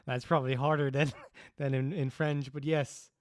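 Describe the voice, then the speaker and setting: A man's voice: medium pitch, flat delivery, moderate pace, no echo, studio quality. A young man chatting casually on a livestream, rambling and thinking aloud while chuckling at his own ideas. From Switzerland. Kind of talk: casual stream chat.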